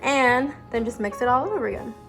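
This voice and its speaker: A woman's voice: on the high side, fairly quick, a bit bright, soft background music. A young woman chatting casually in her home kitchen as she hosts a cooking vlog, often drifting off on tangents. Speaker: vlogger.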